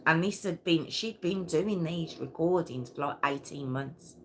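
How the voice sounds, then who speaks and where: A woman's voice: low voice, measured pace, few pauses, a little hiss or hum. A woman hosting a live true crime stream, telling the story conversationally with many fillers and restarts.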